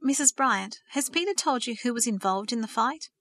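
A woman's voice: fairly high pitch, animated, normal speed, a bit bright, no echo. A woman reading aloud and voicing an anxious, earnest teenage girl with an eager, breathless manner.

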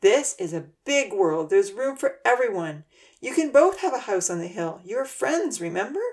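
A woman voicing a kind, calm adult man who leads a group of children, speaking slowly and reassuringly. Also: medium pitch, voice pushed up. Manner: slow, reassuring and firm.

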